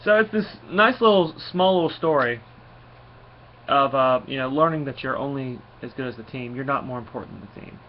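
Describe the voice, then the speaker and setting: A man talks through a casual review in a loose, rambling way, full of small fillers and restarts. His voice sits at an ordinary middle pitch. The recording is a bit dull and lo-fi, with a faint hiss underneath. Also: brisk. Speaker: comic book reviewer.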